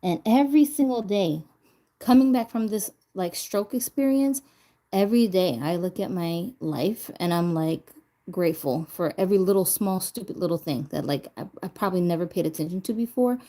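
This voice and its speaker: A woman's voice: on the low side, moderate pace, dark tone. A woman vlogger chatting casually as she crafts, laughing often and talking to herself while she recovers from a stroke. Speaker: doll vlogger.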